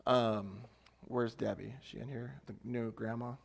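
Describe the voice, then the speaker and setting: A pastor preaching a casual, conversational sermon, chatty and thinking out loud with self-deprecating asides. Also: male voice, mid-range voice, fairly even intonation, unhurried, creaky.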